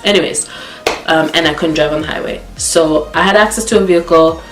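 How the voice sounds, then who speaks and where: Low-voiced woman telling a blunt storytime. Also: a little fast. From Canada. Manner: blunt, profane, animated storytelling. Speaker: vlogger. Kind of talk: casual storytime. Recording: echoey room with faint background music.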